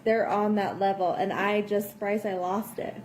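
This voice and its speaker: A woman in a distraught, emotional conversation, swearing and her voice climbing high when upset. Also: fairly even intonation, moderate pace, a little mellow, slight background noise.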